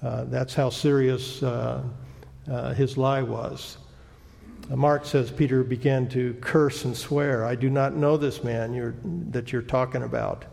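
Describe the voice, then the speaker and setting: A man preaching a sermon as pastor, with a halting, reflective delivery. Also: mid-range voice, level tone, vocal fry, a little mellow. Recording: long church-hall reverb.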